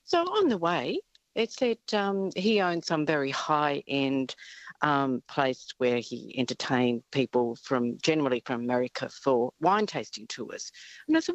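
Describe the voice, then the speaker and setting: A middle-aged woman with an Australian accent recounts a travel mishap down a muffled phone line. Her voice has a dry, close sound. She tells her story in a lively, chatty way and laughs easily. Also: rumbling low, a little slow, no room sound. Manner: lively anecdotal, laughs often. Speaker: caller.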